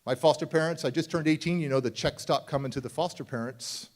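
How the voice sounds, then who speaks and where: A middle-aged man speaks as a motivational speaker on a conference stage. His voice sits a little high for a man, and he tells his story with plenty of animation. He drops into playful voices for his younger self. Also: quick pace. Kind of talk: keynote talk at a youth summit. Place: conference stage before a live audience.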